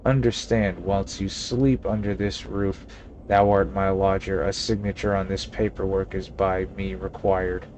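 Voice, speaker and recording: Stilted, archaic, formal innkeeper, read by a man, low voice. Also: little pitch movement, unhurried, a little mellow, a little hiss or hum. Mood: pompous. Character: stiff formal male innkeeper in old-fashioned speech.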